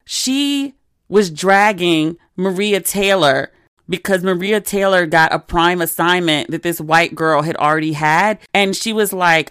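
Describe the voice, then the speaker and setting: A woman's voice: on the low side, a little slow, fairly bright tone, smooth, no echo, studio quality. A woman in her forties hosting a solo podcast, telling stories in a candid, chatty way full of asides. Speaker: podcast host. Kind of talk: casual solo podcast chat.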